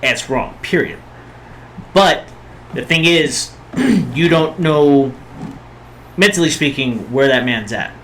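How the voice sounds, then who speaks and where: A man's voice: mid-range voice, takes it slowly, pauses often, fairly bright tone, slight background noise, low-quality recording. A man co-hosting a podcast, talking bluntly in casual chat and swearing a lot for emphasis. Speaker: podcast co-host.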